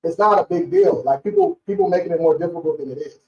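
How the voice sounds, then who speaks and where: A blunt, slangy young man, fired up and cursing as he talks, his voice set fairly high with a mellow, soft-edged tone. He sits some way from the mic in a roomy space, and the stream audio comes through dull and lo-fi. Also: huge pitch swings, fast, distant mic. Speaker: credit repair business owner hosting a live stream. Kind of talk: casual live-stream talk.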